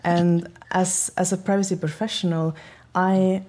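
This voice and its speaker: A woman's voice: on the low side, flat delivery, unhurried, darkish tone. A woman, a project manager being interviewed, speaking thoughtfully with many restarts. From Norway. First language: Norwegian. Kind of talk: interview talk.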